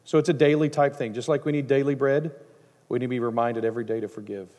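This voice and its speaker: A man's voice: mid-range voice, fast. Man preaching in a reverberant hall. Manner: conversational, animated, with asides and acted-out quotes. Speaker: pastor. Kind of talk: sermon.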